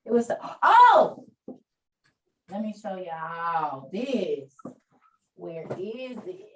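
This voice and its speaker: A woman's voice: lowish voice, very animated, extremely slow, far from the mic, noisy background. A woman hosting an online meeting, chatting casually with listeners and encouraging them about faith. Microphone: video call.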